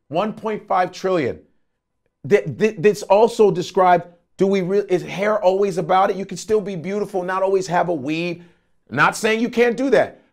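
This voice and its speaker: A man, a comedian being interviewed, talking in an animated, emphatic way with plenty of profanity. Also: high voice. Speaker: comedian guest. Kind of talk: casual interview talk.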